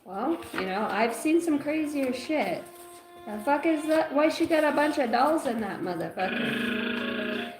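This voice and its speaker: A woman's voice: high-pitched, animated, measured pace. A woman hosting a tarot livestream in casual chat, rambling and crude, with a loose, joking delivery. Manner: rambling and crude, breaks into laughter and song snippets. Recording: echoey room with faint music.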